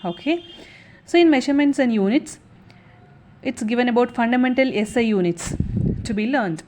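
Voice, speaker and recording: A young woman teaches an exam revision lesson, patient and methodical, and recaps each point. Her voice sits slightly high. She often pauses on "so" and "okay" before the next step. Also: lively intonation, noisy background.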